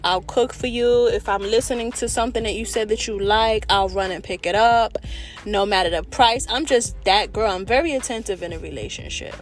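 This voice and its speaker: A woman, an adult with children, talking openly in a candid personal monologue, animated and expressive, with slang and a bit of cursing. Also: mid-range voice, moderate pace, faint music behind. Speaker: vlogger.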